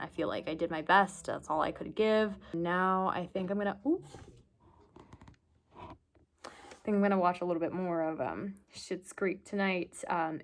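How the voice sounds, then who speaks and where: A young woman talking casually to camera in a vlog, chatty and a little nervous, with many fillers. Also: lowish voice. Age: young adult. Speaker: vlogger.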